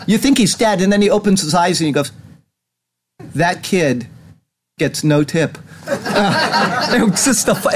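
A man hosting a casual commentary show, rambling and retelling stories with laughs. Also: high voice. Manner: rambling, animated storytelling with laughs. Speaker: host.

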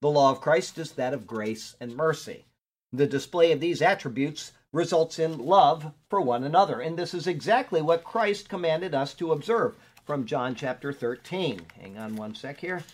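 A man's voice: fairly high pitch, animated, normal speed. A man teaching a Bible study as a pastor, chatting casually, stopping to look up verses, and reading scripture aloud with emphasis. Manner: conversational, digresses while looking up verses.

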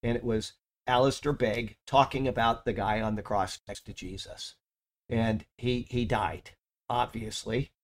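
Earnest man preaching with lively emphasis. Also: mid-range voice, a little slow. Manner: earnest, lively emphasis, drifts into casual asides. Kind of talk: sermon.

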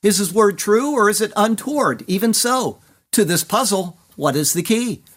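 A man's voice: sits high, lively intonation, moderate pace, pitched above the performer's own voice. A man voicing a doubting male churchgoer who pleads with questions as he looks for the truth. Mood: searching. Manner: questioning, pleading, then resolved.

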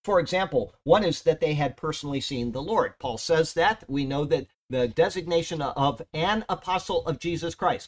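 A man teaching a Bible study verse by verse in an emphatic, conversational way, often checking in with "okay?". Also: on the high side.

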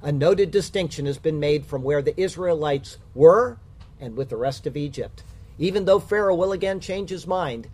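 A man giving a measured, emphatic Bible commentary in sermon style. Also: on the high side, darkish tone, breathy edge. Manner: measured, emphatic reading with rhymed verse. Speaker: Bible teacher.

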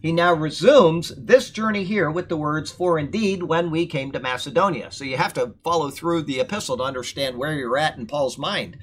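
A man teaching verse by verse through a letter of scripture. He reads the verses with emphasis, then drifts into relaxed, musing asides. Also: on the high side. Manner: earnest, emphatic when quoting scripture, loose asides. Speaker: Bible teacher. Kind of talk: verse-by-verse Bible commentary.

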